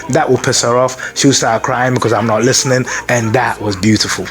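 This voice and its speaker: Male spoken-word artist, musing and dramatic delivery, mid-pitched voice, loud backing beat. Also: a little fast, few pauses. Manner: dramatic, musing, repeats phrases. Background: music.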